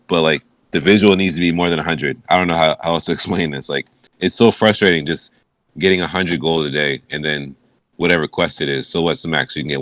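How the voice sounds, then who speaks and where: A man's voice: low voice, a bit bright, dry recording. A man co-hosting a podcast, rambling through exasperated complaints. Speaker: podcast co-host. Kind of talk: casual chat.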